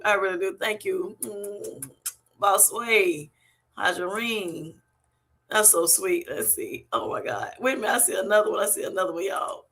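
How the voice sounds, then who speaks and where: Effusive, bright-voiced woman livestreamer. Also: medium pitch. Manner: effusive, thanking viewers over and over. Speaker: livestream host. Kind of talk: casual live-stream chat.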